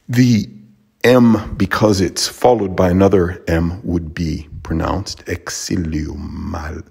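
A man teaching Latin pronunciation, slow and careful, pausing often with fillers. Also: low voice, creaky, a little mellow, husky.

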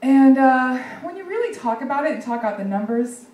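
A young woman from Texas doing a sarcastic, deadpan stand-up set at a comedy club, with plenty of ums and likes. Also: sits high, a little fast. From Dallas, Texas. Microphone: handheld stage mic. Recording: echoey room from far off.

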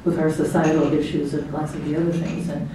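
A woman's voice: deep voice, flat delivery, fairly quick, warm tone, a little hiss or hum. A middle-aged woman giving a chatty, anecdotal speech as guest of honor at her party, laughing often and acting out what people said. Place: hotel banquet room. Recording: echoey banquet hall from far off.

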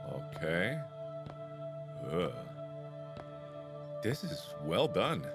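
A man in his thirties hosting a horror game let's play, joking and talking to the game, with sudden loud outbursts. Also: mid-range voice. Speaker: gaming channel host.

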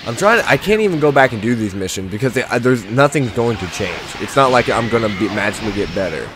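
A man hosting a let's play, chatting casually over gameplay with sudden loud frustrated outbursts. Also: mid-range voice, very animated, a little fast, over music.

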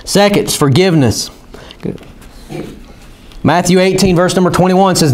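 Male pastor mid-sermon, voice sits a bit high, reads scripture and poses questions to the flock; faint background noise. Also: lively intonation, moderate pace, long pauses. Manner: preaching from scripture, direct questions to listeners.

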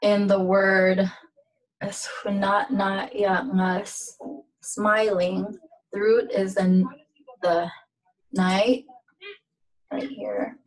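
Slow, halting woman teaching pronunciation. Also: mid-range voice, flat delivery, poor audio. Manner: slow, halting, with many fillers. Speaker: language teacher. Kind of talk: casual language lesson.

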